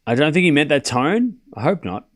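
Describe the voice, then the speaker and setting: A man's voice: fairly high pitch, very animated, a little fast. A man streaming a live tennis watchalong, mixing casual play-by-play with teasing replies to his chat. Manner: chatty, teasing, talks straight to his chat.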